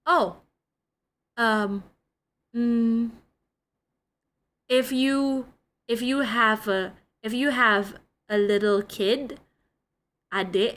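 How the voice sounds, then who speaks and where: A woman doing a curious little girl with halting questions. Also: on the high side, a bit bright.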